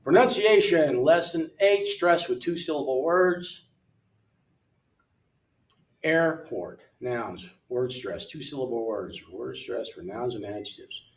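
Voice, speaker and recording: An older man working through an English app lesson in a relaxed way, thinking aloud and reading words off the screen, recorded from away from the mic in a room. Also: mid-range voice, slow, distant mic. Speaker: missionary English tutor. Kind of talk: casual walkthrough of an app lesson. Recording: roomy sound from away from the mic.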